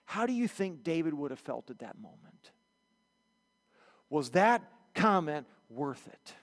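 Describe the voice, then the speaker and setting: Male pastor, storytelling preacher, high voice, reverberant sanctuary. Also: slow pace. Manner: animated storytelling, acts out quotes. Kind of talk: sermon. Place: church sanctuary.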